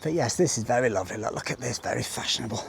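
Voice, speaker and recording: A man narrates a walking tour with a gravelly edge and dry, self-mocking asides. He is recorded outdoors on a handheld camera mic, with clear street noise behind him. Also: medium pitch, rapid-fire. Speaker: vlogger, tour host. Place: outdoors in a seaside village street.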